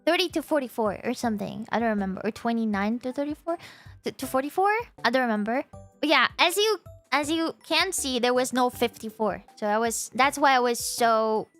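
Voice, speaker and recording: A young woman streamer telling a story casually, animated and exclaiming as she acts out her own reactions. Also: fairly high pitch, brisk, soft background music.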